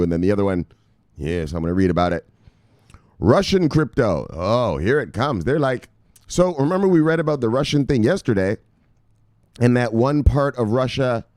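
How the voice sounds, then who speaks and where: A man hosting a rowdy daily news show with a very lively, jumping pitch. He yells and swears, then drops to low mutters, and his voice sits dry and close with no room around it. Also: no echo. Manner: shouts bursts of "Bang!", swears, hypes his viewers. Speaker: crypto news show host. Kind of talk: excitable casual news show with profanity.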